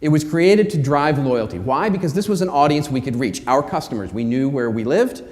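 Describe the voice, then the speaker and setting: A man's voice: on the high side, expressive, brisk, a little mellow. A man giving a conference keynote speech, emphatic, repeating phrases and asking the audience questions. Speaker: keynote speaker. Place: conference hall. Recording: hall reverb.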